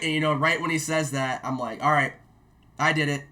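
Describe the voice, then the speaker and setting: A man spins a profane army story in loose, casual talk. His voice has a bright, forceful edge, and he throws in loud shouted quotes as he goes. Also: fairly high pitch, a little fast. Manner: profane, animated storyteller who mimics shouts. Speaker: guest, army veteran.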